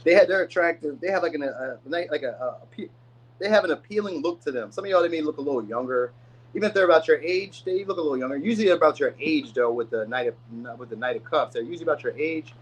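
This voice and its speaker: A man's voice: on the high side, fast, breathy edge, low-quality recording. A man giving a casual, rambling tarot reading. He uses slang and often says "you know what I mean.". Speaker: tarot reader.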